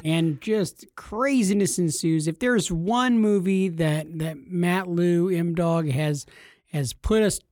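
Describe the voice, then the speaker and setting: Male podcast co-host, high-pitched, playful joking delivery. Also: takes it slowly, a little mellow, no echo, clean studio sound. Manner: jokey, laughing banter. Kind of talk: casual podcast chat.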